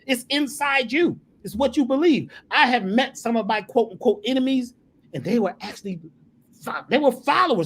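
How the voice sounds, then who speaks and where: A man's voice: extremely high pitch, very animated, normal speed, a bit bright, slightly rough. A man talking as a spiritual teacher, emphatic and preacherly, repeating phrases to drive his points home. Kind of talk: emphatic storytelling in conversation.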